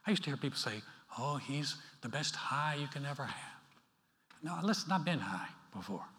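A male pastor preaching a sermon in a church, talking in a conversational, animated way with playful asides. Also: mid-range voice, brisk. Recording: reverberant hall.

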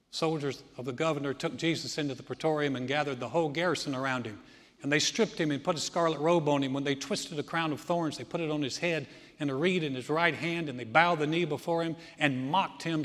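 Male pastor preaching in a reverberant hall. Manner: storytelling, swings between loud emphasis and hushed low lines. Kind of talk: sermon.

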